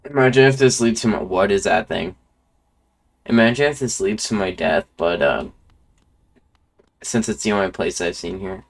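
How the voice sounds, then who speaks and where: A man's voice: on the low side, normal speed, creaky, long pauses. A man streaming a video game, talking to himself in offhand, mumbled remarks as he plays. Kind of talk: live gameplay commentary.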